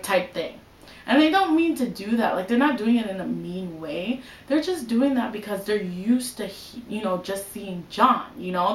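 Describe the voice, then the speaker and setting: A woman's voice: medium pitch, reverberant, low-quality recording. A young woman giving casual advice in a vlog, chatty and full of "like" and "you know". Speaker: vlogger.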